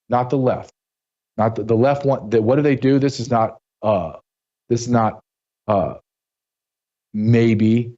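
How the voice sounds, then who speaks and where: An indignant male host delivers political commentary and keeps hammering rhetorical questions. His voice has a mellow, darker tone. The audio is a little dull and lo-fi. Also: medium pitch, lively intonation, unhurried, long pauses. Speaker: show host.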